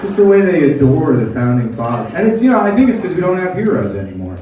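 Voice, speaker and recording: A man doing a sardonic stand-up set on a club stage, tossing in quick mock voices. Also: a little high, big pitch swings, mellow, highs cut off, slight background noise. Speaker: stand-up comedian. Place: comedy club stage with audience laughing. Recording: echoey live room, heard from a distance, crowd laughter. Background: audience laughter.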